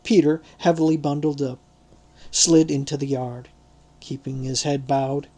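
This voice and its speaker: A man narrating a literary audiobook in a measured, deliberate reading style. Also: a little high, little pitch movement, warm tone.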